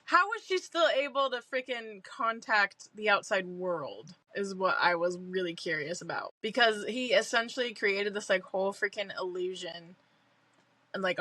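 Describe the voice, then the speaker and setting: A woman's voice: mid-range voice, bright, forceful tone. A woman co-hosting a casual book podcast, blunt and swearing freely. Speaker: podcast co-host. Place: at home with a cat.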